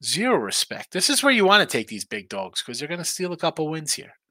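A tired man hosts a live sports betting stream, yawning between picks and rambling along in a casual way. His voice has a bright, forward edge. The mic is close and dry, with no room sound. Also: fairly high pitch, huge pitch swings, a little fast, dry recording. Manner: rambling, reads viewer chat aloud. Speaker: sports betting show host.

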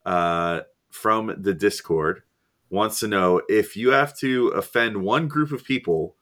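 A man co-hosting a podcast, reading listener questions in a relaxed, hesitant way with many fillers. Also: on the low side, slow pace. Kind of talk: casual chat.

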